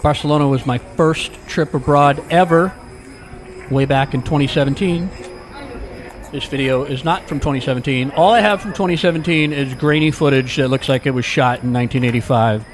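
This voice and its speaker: A man's voice: fairly high pitch, brisk. A man giving a casual walking-tour narration as a vlogger, chatty and full of jokey, rambling asides, recorded outdoors on city streets.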